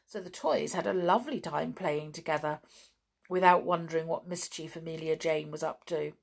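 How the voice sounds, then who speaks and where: A woman narrating a children's storybook, expressive, with dramatic gasps and sighs. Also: fairly low pitch, moderate pace, gravelly, husky. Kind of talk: storybook reading.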